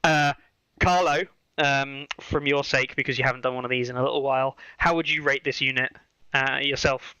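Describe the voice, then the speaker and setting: A man hosts a casual podcast chat, his voice bright and crisp. He rambles a little, with plenty of "um"s and restarts. The recording is dry and close, with no room sound. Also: mid-range voice, fairly even intonation, brisk, no echo, rough recording. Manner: chatty, many fillers and restarts. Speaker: podcast host.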